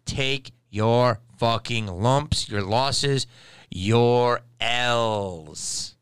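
A tired man, a podcast host and stand-up comic, ranting and telling a story in a profane, animated way with sudden loud outbursts. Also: medium pitch, takes it slowly, smooth, no room sound. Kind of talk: casual ranting monologue.

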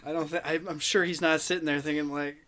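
A man's voice: a little high, flat delivery, quick pace, bright, forceful tone, slight background noise. A man in casual chat, reassuring and laughing along with a friend.

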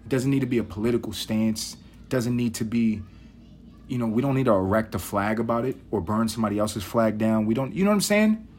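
A man's voice: on the low side, animated, a little fast, a little mellow, slight background noise. A man hosting a podcast, talking in a rambling, profane, wry casual monologue. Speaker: podcast host. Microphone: podcast mic.

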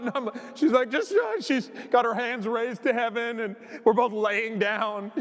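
A man, a guest pastor preaching a lively sermon story and acting out the lines of the people in it. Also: very high voice, measured pace, few pauses, big-room sound. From Canada. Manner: lively, animated storytelling with acted-out quotes and laughter.

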